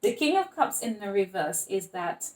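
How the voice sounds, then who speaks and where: A woman's voice: medium pitch, sing-song, normal speed, a little mellow. Chatty woman giving a tarot reading. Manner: chatty, laughs often, acts out quoted voices. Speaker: tarot reader.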